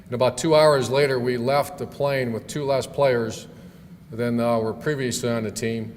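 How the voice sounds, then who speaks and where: A man's voice: medium pitch, steady tone, moderate pace. Folksy middle-aged man telling stories. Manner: folksy storyteller with fillers and restarts. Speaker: guest speaker, football coach. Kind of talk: storytelling speech at a club event. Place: banquet hall. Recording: long hall reverb, faint room noise.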